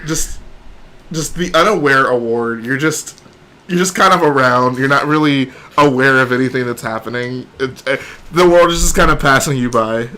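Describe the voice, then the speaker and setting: A man's voice: mid-range voice, moderate pace, bright, forceful tone, a little hiss or hum. A young man streaming and chatting casually with friends, laid-back and teasing. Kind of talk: casual chat.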